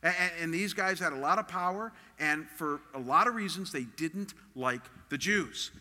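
A man's voice: on the high side, normal speed, bright, forceful tone, long reverb tail. A man preaching a sermon as a pastor, earnest and emphatic in a conversational way.

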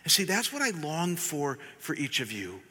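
A man who is a pastor, telling a personal story in a sermon, stammering and restarting, rising to loud laughing bursts and sinking to hushed, emotional tones. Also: on the high side, wildly swooping pitch, normal speed, breathy edge. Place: church. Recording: long reverb of a church hall.

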